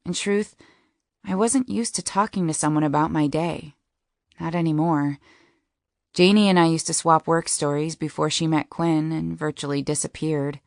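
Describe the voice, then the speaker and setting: A woman's voice: sits low, steady tone, moderate pace, a little mellow, no room sound, clean studio sound. A woman narrating a first-person romance audiobook in a wry, intimate storytelling manner.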